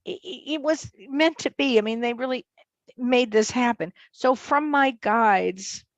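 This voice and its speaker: Animated woman telling a story. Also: unhurried, no echo. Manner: animated, acts out quotes in high voices. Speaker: psychotherapist and medium guest. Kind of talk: storytelling in an interview.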